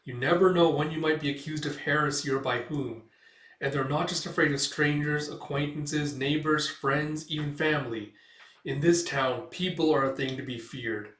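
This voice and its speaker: A man's voice: on the high side, moderate pace, a bit bright, natural voice. A man voicing a bitter, maimed old physician who speaks in a grim, confiding way. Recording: roomy echo, distant mic.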